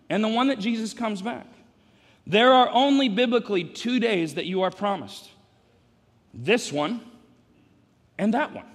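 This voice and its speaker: A middle-aged male pastor preaching a sermon, swinging from hushed asides to shouts, with wry humor. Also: high-pitched. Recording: long reverb of a big sanctuary.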